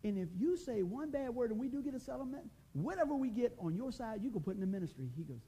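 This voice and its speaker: A man preaching a sermon as pastor, folksy and animated, mixing humor and scripture with swings in volume. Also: extremely high pitch, fast, breathy edge, rough recording.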